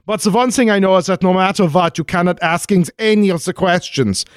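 A man's voice: high voice, a little fast, clear, resonant tone, no echo, studio quality, close to an everyday voice. A man playing a jumpy, evasive young knight in a 1940s-style radio play. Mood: sly. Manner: nervous, evasive, panicky outbursts.

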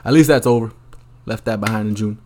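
A man's voice: lowish voice, quick pace, mellow, a little hiss or hum. A man hosting a solo podcast, rambling through a profane, crude rant with lots of ums and asides. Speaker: podcast host.

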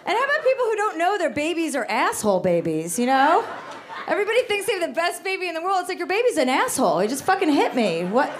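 A woman's voice: very high voice, huge pitch swings, quick pace, a little hiss or hum. A woman performing a stand-up comedy set, with brash, sarcastic, profane ranting. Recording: live club set with audience. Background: audience laughter.

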